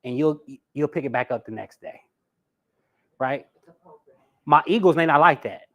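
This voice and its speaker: A man teaching a live personality class in a lively way, talking straight to his audience. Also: on the high side, normal speed. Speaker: personality coach.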